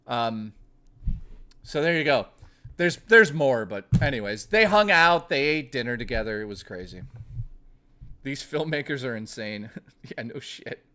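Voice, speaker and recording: This livestreamer has a mid-range voice with a sharp edge. Chatting loosely with his viewers, he jokes, curses, wanders off track, and often starts over mid-thought.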